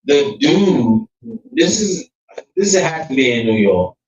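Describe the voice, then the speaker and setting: A man's voice: medium pitch, sing-song, slow, a little mellow. A man co-hosting a casual podcast, talking bluntly in heavy street slang. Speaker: podcast co-host. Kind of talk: casual chat. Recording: echoey, distant, dull lo-fi sound.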